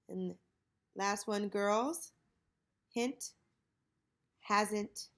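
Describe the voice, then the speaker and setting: A woman teacher leading a children's reading lesson, modeling each word slowly and clearly. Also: a little high, lively intonation.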